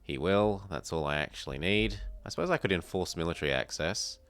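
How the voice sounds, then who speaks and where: A man from South Australia streams a strategy game, answering viewers and thinking aloud in casual commentary. His low voice is animated, brisk and fairly bright, with no room sound.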